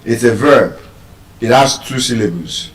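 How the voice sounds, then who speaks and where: A man lecturing on word stress at a slow, measured pace, pausing between phrases and repeating key words. His voice rings in a roomy, echoing space and sounds a little removed from the microphone. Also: mid-range voice. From Nigeria. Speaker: teacher giving a pronunciation lecture. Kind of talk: classroom lecture, explaining and spelling out words. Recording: roomy echo, voice from a distance.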